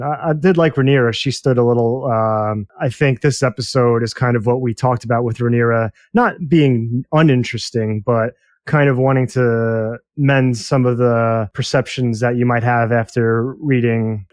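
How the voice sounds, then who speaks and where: A man co-hosting a podcast, talking through a TV episode in a thoughtful, measured casual chat. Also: mid-range voice, no room sound, studio quality. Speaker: podcast co-host.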